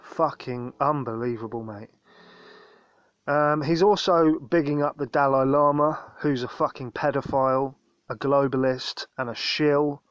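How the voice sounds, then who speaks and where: A man hosts his own channel, delivering an angry, profane monologue full of contempt and indignation, repeatedly calling people "mate." His mid-range voice stays steady and unhurried, and the lo-fi recording has no room sound.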